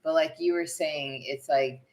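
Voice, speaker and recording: A middle-aged woman from the United States chatting casually as a vlog co-host, animated and storytelling. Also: sits low, measured pace. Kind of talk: casual live chat.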